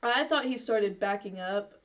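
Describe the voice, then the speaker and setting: A woman's voice: medium pitch, a little slow, a bit bright, distant mic. A young woman chatting casually as a guest, telling long stories with many fillers and frequent laughs. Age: young adult. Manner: rambling storyteller, laughs often. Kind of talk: casual chat.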